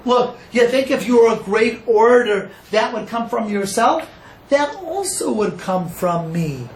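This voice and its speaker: Animated rabbi teaching in an echoey room. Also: male voice, very high-pitched, a little slow. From Cleveland, Ohio. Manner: animated, acts out dialogue, asks the audience questions. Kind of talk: Torah class to a live group. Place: echoey room with a small audience. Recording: echoey room with faint noise.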